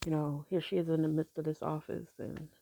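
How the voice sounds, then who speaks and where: A middle-aged woman telling a personal story in a halting, soft-spoken way, with many pauses. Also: deep voice, little pitch movement, gravelly, a little hiss or hum. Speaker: grieving mother sharing her story.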